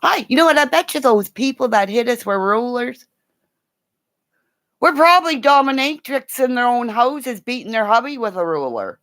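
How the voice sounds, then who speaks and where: A middle-aged woman chatting casually with her live viewers, excitable, gasping and laughing often. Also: a little high, moderate pace. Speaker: livestream host. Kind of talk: casual live-chat stream.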